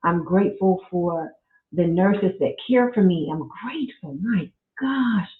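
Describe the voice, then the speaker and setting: A middle-aged woman speaks slowly and earnestly, breaking into religious exclamations as she shares her story. She has a medium voice. The sound is thin and phone-like, with an echoey room around her. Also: on the low side. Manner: slow, heartfelt, with religious exclamations. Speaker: podcast host. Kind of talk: casual faith-based personal talk. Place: at home.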